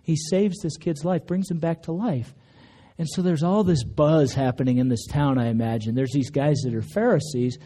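A man's voice: steady tone, moderate pace, dark tone. A man preaching a sermon in church, telling stories conversationally and acting out quotes. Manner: conversational storytelling, acts out quotes with raised pitch. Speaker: pastor. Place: church sanctuary.

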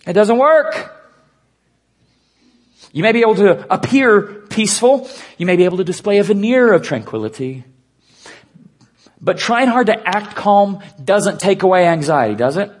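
Guy preaching a sermon, kinda raspy and a bit higher pitched, earnest, goes quiet to make a point. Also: sing-song. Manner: earnest preaching with hushed, slowed emphasis. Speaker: pastor.

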